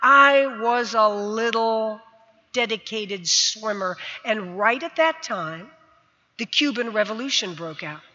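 Her voice sits a little high this time, slow yet pushed and bright, as this American woman in her sixties delivers a vivid personal story onstage. The recording comes across dull and carries long reverb from the hall.

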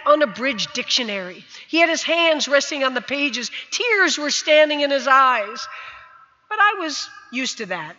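A woman's voice: high voice, pushed and bright. A woman in her sixties from the United States, giving a vivid personal storytelling speech on a stage. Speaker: speaker. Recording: dull sound, long hall reverb.

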